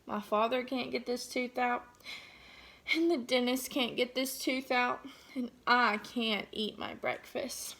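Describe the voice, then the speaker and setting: A woman doing a sad, slow little boy. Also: on the high side, fairly bright tone. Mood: glum.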